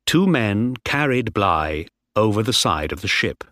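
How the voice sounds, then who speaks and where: A man reading a story aloud clearly and slowly, as in a graded-reader audiobook. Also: fairly low pitch, very animated, a bit bright, dry recording, clean studio sound.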